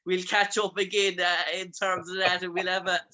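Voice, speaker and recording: A man's voice: sits high, flat delivery, normal speed, sharp tone, poor audio. A male radio interviewer with an Irish accent, asking long, effusive questions full of fillers. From Ireland. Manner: effusive, rambling, many fillers.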